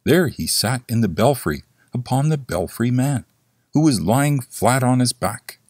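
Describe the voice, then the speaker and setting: A man's voice: mid-range voice, expressive, measured pace, darkish tone, husky, no room sound, clean studio sound. A man narrating a classic story as an audiobook, in a theatrical reading style. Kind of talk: scripted horror story narration.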